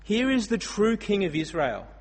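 Australian preacher in an echoey hall. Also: male voice, sits high, sing-song, normal speed, slightly rough. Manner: storytelling, dramatic swings in loudness. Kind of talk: sermon.

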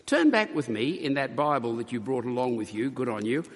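A man preaching a sermon to his congregation, earnest and emphatic, slowing for weight and stumbling over restarts now and then. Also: mid-range voice, sing-song. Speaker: pastor. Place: church. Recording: long hall reverb.

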